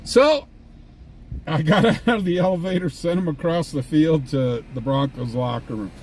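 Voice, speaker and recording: This man hosts a live stream from inside a vehicle, chatting through anecdotes and chuckling at his own tales as a scanner chaser. He speaks at a normal speed in a slightly high voice with a darkish tone. Faint ambient and vehicle sounds can be heard behind him.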